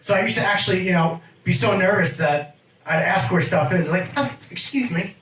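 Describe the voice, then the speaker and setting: An American man performing a stand-up comedy set, animated and joking, laughing at his own lines. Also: high-pitched, a little fast. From United States. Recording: echoey club room, distant mic, noisy.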